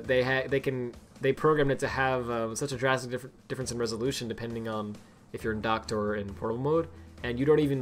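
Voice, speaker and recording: A young man chatting casually on a game stream to his viewers, rambling with many laughs. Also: mid-range voice. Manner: rambling, lots of fillers and restarts, quick laughs. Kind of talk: casual live-stream chat.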